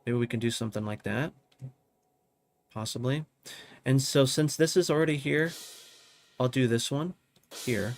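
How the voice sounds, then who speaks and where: A man's voice: mid-range voice, normal speed, pauses often, a little hiss or hum. A man casually teaching drum programming in his home studio, thinking aloud and often checking in with "you know what I mean?". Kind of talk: casual live tutorial.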